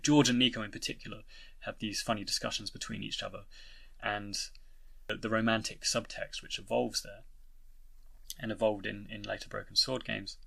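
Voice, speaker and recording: A man's voice: lowish voice, level tone, normal speed, creaky, sharp tone, breathy edge. A young British man giving a casual, rambling spoken review of a video game, with many restarts and fillers. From Britain. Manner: rambling, frequent "you know" and restarts.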